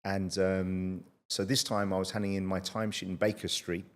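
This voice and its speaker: A man in his late forties, hosting a podcast interview and telling stories in a lively, chatty way. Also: sits low, moderate pace. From United Kingdom. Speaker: podcast host. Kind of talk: casual interview chat.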